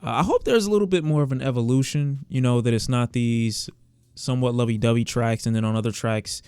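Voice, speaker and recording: A man's voice: mid-range voice, fairly quick, darkish tone, smooth, no room sound. A man giving casual reaction commentary as a music reviewer, candid and sometimes sarcastic toward the song.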